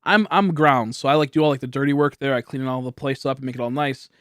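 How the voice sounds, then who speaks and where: A man's voice: mid-range voice, fast talker, smooth, no echo, clean studio sound. A young man chatting casually with viewers on a live stream, rambling and laughing often.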